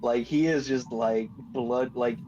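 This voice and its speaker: A man's voice: medium pitch, steady tone, slow pace, warm tone. A man playing a tabletop game in casual chat, rambling with many fillers and some swearing. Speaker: player. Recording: dull audio with faint noise.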